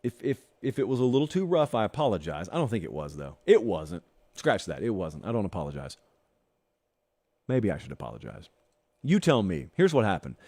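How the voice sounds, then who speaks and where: A man hosting a sports talk show, talking straight to his viewers in an animated, sarcastic monologue. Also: lowish voice, brisk. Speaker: host.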